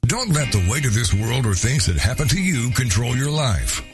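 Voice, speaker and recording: A man's voice: medium pitch, very animated, normal speed. A man reading a scripted show introduction in a dramatic, sweeping manner. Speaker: show announcer. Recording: announcer over guitar music bed. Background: guitar music.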